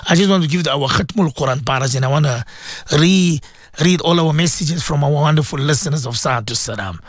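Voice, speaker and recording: Radio maulana, male, high and lively voice, dry studio sound, sore throat, impassioned preaching. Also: brisk, no room sound. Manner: impassioned, repetitive, rising to emphatic peaks. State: sore throat, clearing it often. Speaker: Islamic radio host, maulana.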